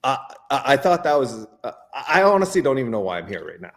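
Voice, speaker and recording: A Canadian man talking as a guest in a casual interview, animated, with stammering restarts and lots of fillers. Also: mid-range voice, quick pace.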